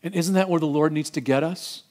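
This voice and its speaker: Middle-aged male pastor, slightly high voice, animated sermon with loud and hushed swings. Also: brisk.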